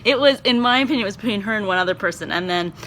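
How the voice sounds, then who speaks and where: A young woman talks straight to her own camera in a loose, chatty vlog. Her voice is bright and clear. She wanders between thoughts, leans on fillers and lifts readily into excitement. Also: mid-range voice, racing, slight background noise. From Canada. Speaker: vlogger and performance teacher. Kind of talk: casual vlog chat.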